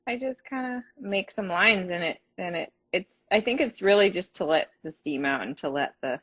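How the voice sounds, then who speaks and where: A woman chats casually while baking in her home kitchen, self-deprecating and quick to laugh. Her voice sits on the low side. The livestream audio is a little dull and lo-fi. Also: expressive, a bit bright, breathy edge. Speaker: actor co-hosting a live stream. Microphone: phone or video call.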